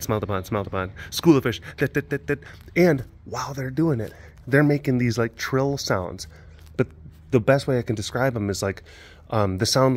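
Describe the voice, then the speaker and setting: A man, an animal keeper vlogging outdoors by the enclosures, chatting in a rambling, excitable way with lots of fillers. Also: mid-range voice. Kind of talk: casual vlog chat.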